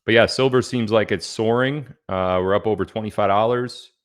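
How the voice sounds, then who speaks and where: A man with a fairly low voice hosts a casual livestream at an ordinary pace. He chats loosely and reads out the places his viewers are tuning in from.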